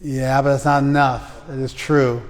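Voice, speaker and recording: A man leads an interactive scripture class with a mid-pitched voice, firing questions at students by name. He pushes them hard and teases them without holding back. His voice carries a long reverb from the room. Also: little pitch movement, normal speed. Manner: blunt, teasing, calls on students by name. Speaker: Bhagavad Gita teacher.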